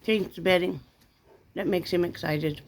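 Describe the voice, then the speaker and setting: A woman's voice: lowish voice, steady tone, measured pace. A middle-aged woman chatting casually to camera in a rambling, homey way, often breaking off to coo at her dog. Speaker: vlogger.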